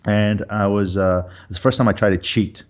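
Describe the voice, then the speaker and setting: A man, a guest entrepreneur, telling personal stories in a lively, conversational way with many restarts. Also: on the low side, moderate pace. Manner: animated storyteller with frequent restarts. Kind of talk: conversational storytelling.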